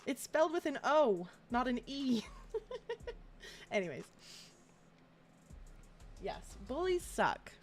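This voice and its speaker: A woman's voice: high voice, big pitch swings, slow, pauses often, faint music behind. Giggly Southern woman streaming live. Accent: Southern US (Atlanta). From Atlanta, US South. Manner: chatty, giggly, laughs often between phrases. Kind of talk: casual live-stream chat while gaming.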